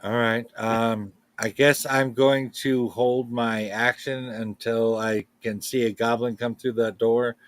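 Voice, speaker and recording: A man playing a tabletop game, talking hesitantly with lots of pauses. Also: mid-range voice, flat delivery, no room sound. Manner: hesitant, full of ums. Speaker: player. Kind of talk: casual tabletop play.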